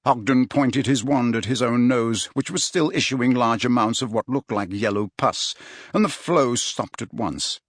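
A man reading an audiobook in a measured, expressive storytelling style. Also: mid-range voice, no echo, clean studio sound. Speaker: audiobook narrator. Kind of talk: scripted narration.

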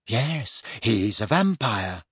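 A man's voice: mid-range voice, animated, a little slow, husky, dry recording, clean studio sound. A man voicing a dreamy odd schoolgirl. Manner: matter-of-fact, dreamy.

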